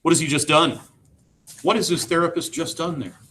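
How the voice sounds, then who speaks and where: A man's voice: on the high side, steady tone, brisk, pushed and bright. A man teaching an English class, reading a novel aloud and asking his students questions. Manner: reads dialogue with shifting voices, asks the class questions. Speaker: high school English teacher.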